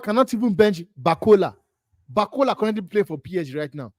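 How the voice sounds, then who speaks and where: A man's voice: high-pitched, lively intonation, quick pace, no room sound, studio quality. A man hosting a live football watch-along, ranting in disbelief about transfer rumours and repeating himself. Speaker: host.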